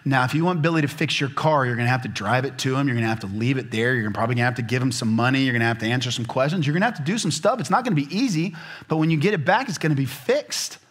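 A middle-aged man preaching a sermon in an easygoing, conversational style. He talks like he's chatting with friends, then jumps into loud, excited asides before dropping to soft, nearly whispered lines. His voice sits at an ordinary middle pitch for a man. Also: racing, few pauses. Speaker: pastor.

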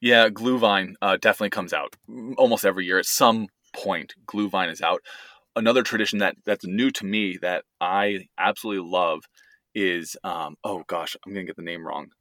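Low, bright-toned man chatting casually. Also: normal speed, dry recording, clean studio sound. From United States. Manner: easygoing, rambling, restarts often. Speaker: podcast co-host. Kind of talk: casual family chat.

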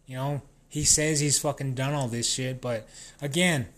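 A man rants in loose, casual speech, cursing nearly every line and doubling back mid-sentence. His voice sits in an ordinary middle pitch, neither deep nor high. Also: fairly even intonation, moderate pace, fairly bright tone. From New Mexico. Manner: swears constantly, rambling, restarts sentences. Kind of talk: casual profane rant.

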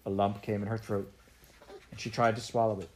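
Very low-voiced woman reading a story. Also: flat delivery, brisk, very noisy. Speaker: narrator. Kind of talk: audiobook narration.

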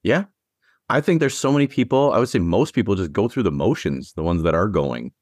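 A man hosting a casual interview, speaking in a relaxed, agreeable and open way. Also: on the low side, brisk, dry recording, clean studio sound. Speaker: podcast host.

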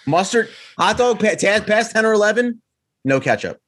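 A man talks in a rambling, excited way, often breaking into laughs. His voice sits a little high for a man. It is casual banter between friends. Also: moderate pace. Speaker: podcast co-host. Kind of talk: casual chat.

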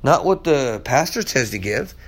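A man's voice: mid-range voice, big pitch swings, moderate pace. A man preaching on a sermon podcast, teaching verse by verse. He is emphatic, stumbles through restarts and repeats words.

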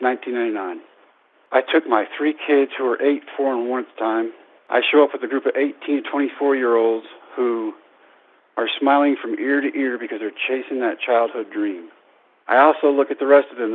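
A man in his thirties, a baseball coach, telling a lively personal story to an audience and acting out the voices in it. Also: medium pitch. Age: 30s. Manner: animated, acts out quoted voices. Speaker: baseball coach and public speaker. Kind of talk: storytelling speech. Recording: tinny phone-like radio broadcast.

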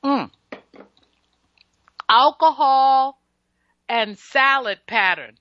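A woman's voice: fairly high pitch, expressive, takes it slowly, vocal fry, no echo. A woman hosting a solo radio health talk, lecturing listeners with emphatic, teasing asides. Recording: dull lo-fi radio broadcast audio.

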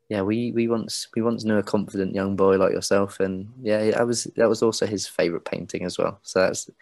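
A man's voice: on the low side, a little mellow, no room sound, close to an everyday voice. A man voicing a woman who hosts a carnival ball, rambling and hesitant, fond and fretting over a young boy.

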